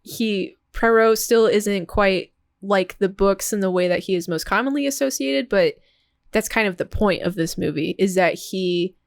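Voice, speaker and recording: Young woman, podcast co-host, casual chat, middle pitch, fillers, laughs a lot, dry close sound. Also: normal speed, creaky, dry recording. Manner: chatty, laughs often, many fillers.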